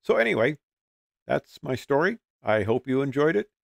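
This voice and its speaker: A man's voice: mid-range voice, big pitch swings, moderate pace, creaky, dry recording, studio quality. Older man telling a rambling pilot story. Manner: rambling, folksy, many fillers and restarts. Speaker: retired pilot telling stories. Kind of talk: casual storytelling.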